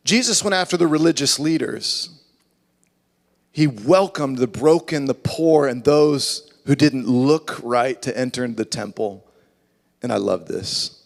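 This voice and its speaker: A man preaching a sermon as a pastor, animated, acting out voices in his story. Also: medium pitch, gravelly. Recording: long reverb of a large hall.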